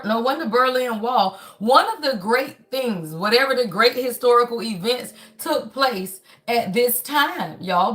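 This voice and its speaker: A woman hosting a spiritual reading live stream, talking casually and preaching bluntly, with lots of cussing, and calling her viewers "y'all" over and over. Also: a little high. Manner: blunt, profane, calls the audience "y'all" constantly; lively, preachy and emphatic. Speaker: spiritual reading channel host. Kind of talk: casual livestream chat.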